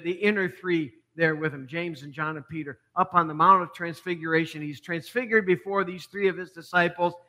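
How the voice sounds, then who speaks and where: A middle-aged male pastor delivering a sermon in a storytelling way, dropping to hushed lines and rising to emphatic ones. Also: high voice.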